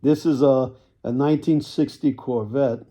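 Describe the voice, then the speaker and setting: Man, dark husky voice, unhurried, casual sales patter, clears his throat a lot. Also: mid-range voice, steady tone. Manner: folksy salesman patter, repeats himself, frequent throat clearing. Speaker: toy car seller.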